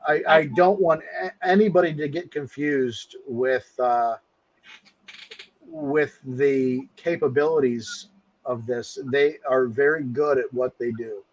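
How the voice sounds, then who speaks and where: A man of middle pitch talks as a guest, earnest and candid. His points land with emphasis. The sound is a little dull and muffled. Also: slow. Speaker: guest researcher. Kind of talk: casual interview talk.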